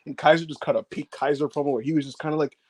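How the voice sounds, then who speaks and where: Excitable high-voiced man recapping wrestling. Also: rapid-fire, slightly rough, no echo. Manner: animated, profane, laughs often, acts out quotes. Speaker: co-host of a wrestling review show. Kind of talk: casual show recap chat.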